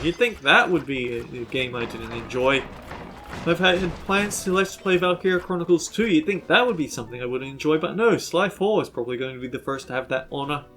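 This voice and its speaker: A man with a fairly high voice gives casual commentary over his gameplay, musing and hesitating as he talks. Faint game music runs beneath his voice. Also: a bit bright. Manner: chatty, musing, with frequent hesitations. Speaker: let's play host.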